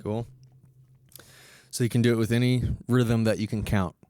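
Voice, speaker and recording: A man's voice: medium pitch, fairly even intonation, moderate pace, mellow, clean tone, dry recording, clean studio sound. A man giving a casual music lesson, explaining step by step and counting beats aloud. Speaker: music teacher.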